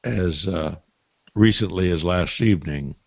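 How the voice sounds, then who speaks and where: An older man answers parenting questions in a folksy, storytelling way and leans on emphatic asides. His voice sits low and sounds close and dry. The call audio is muffled. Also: measured pace, vocal fry, dry recording. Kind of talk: call-in Q&A advice.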